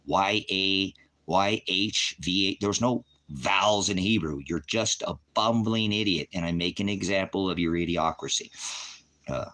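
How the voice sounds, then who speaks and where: A man's voice: low-pitched, a little slow. A man preaching on a livestream, profane and combative, berating commenters and repeating himself. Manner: repetitive, shifting between shouting and muttering. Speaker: online preacher. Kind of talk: livestream rant at chat.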